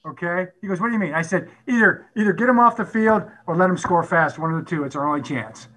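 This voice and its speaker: Animated middle-aged male coach, high bright voice. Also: fast talker, low-quality recording. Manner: animated storyteller who acts out quotes and laughs often. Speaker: head football coach. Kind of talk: storytelling at a conference talk.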